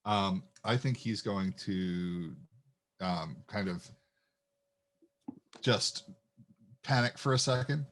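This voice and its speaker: A man's voice: lowish voice, slow, long pauses, fairly bright tone, a little hiss or hum. A man playing a tabletop game, offering ideas in a tentative, stammering way. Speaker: player. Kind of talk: casual tabletop play.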